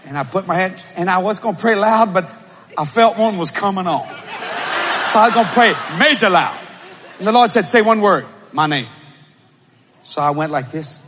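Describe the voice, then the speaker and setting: A man preaching a sermon and telling a story, with shouted bursts and laughing asides. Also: sits high, lively intonation, moderate pace, long pauses. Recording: live audience, faint crowd noise.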